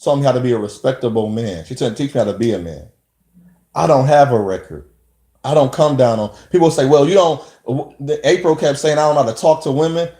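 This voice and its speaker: A man's voice: medium pitch, expressive, quick pace, mellow. Impassioned man ranting in an echoey room. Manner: impassioned, rambling, with rhetorical questions. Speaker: vlogger. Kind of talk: unscripted monologue to camera.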